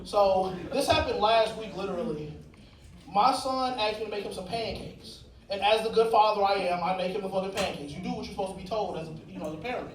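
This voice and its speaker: A man's voice: high voice, quick pace, distant mic. A man doing a stand-up comedy set, telling crude, profane stories on a club stage. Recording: echoey club mic with loud crowd. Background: audience laughter.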